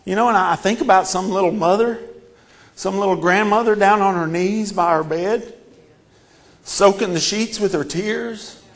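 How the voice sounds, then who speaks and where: A man preaching a sermon, moving from quiet storytelling to fervent, shouted declarations with heavy repetition. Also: sits high, normal speed. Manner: impassioned, building to shouted repetitions.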